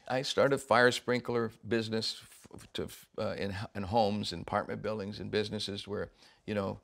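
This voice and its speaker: A man's voice: lowish voice, normal speed, creaky. An older man, a rock musician, telling stories in a casual interview, laughing often and acting out the voices of people he quotes.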